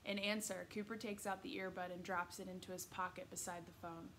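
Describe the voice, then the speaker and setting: A woman reading a children's novel aloud in steady, expressive storytelling narration. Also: on the low side, brisk, a little hiss or hum. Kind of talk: read-aloud book narration.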